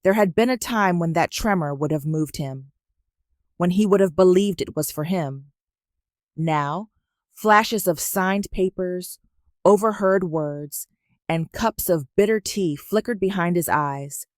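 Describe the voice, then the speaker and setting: Woman, story narrator, measured and even, lowish pitch, dry close mic. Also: no echo.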